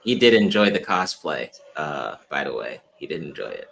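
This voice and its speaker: Man, stream host, casual chat, dry wry reactions, very low pitch, bright tone. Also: sing-song, moderate pace, vocal fry.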